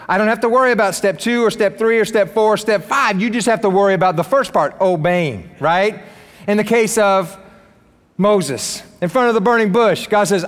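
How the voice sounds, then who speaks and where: A man preaching a sermon as pastor, animated and emphatic, with joking asides. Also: high-pitched, a little fast, long reverb tail.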